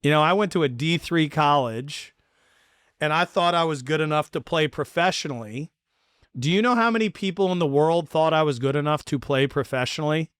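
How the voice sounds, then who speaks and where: A man hosting a podcast, telling a story in a casual chat and acting out the quotes with lively energy. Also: a little high, brisk, clear, resonant tone, no room sound, studio quality. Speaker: podcast host.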